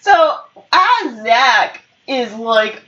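A woman co-hosting a casual chat podcast, retelling a show in an expressive, playful way and swearing freely. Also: on the high side, drawn-out words, recorded from a distance, lo-fi sound. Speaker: podcast co-host. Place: at home on a couch.

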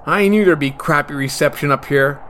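An actor playing a sarcastic, lazy young man in an audio drama, dry and deadpan. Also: a little high, a little fast, a little hiss or hum, close to an everyday voice.

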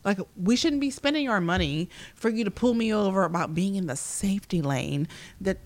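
A woman's voice: medium pitch, animated, normal speed. A woman co-hosting a casual chat among friends, telling a story in a blunt, profane way. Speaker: podcast co-host.

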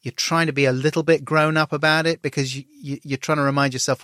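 A man's voice: a little high, fast, no room sound, clean studio sound. Self-deprecating middle-aged man. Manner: self-deprecating, animated when acting out dialogue. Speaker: guest. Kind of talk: candid conversational storytelling.

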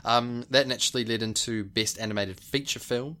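A man's voice: medium pitch, a little fast, bright, forceful tone. A man co-hosting a podcast, rambling enthusiastically through award categories in casual chat, with many fillers. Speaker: podcast co-host.

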